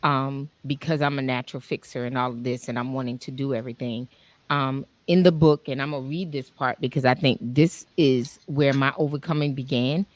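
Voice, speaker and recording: A woman author telling her personal story as a guest, in halting speech full of fillers and restarts, reading passages from her own book. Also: rumbling low, dry recording. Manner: halting, many fillers and restarts, animated when retelling.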